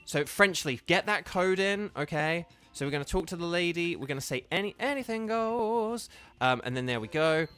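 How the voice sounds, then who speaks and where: A man's voice: on the high side, fairly quick, few pauses, pushed and bright, clear, resonant tone, faint music behind. A man streaming a game live, patiently explaining steps to his viewers in a casual, chatty way full of fillers.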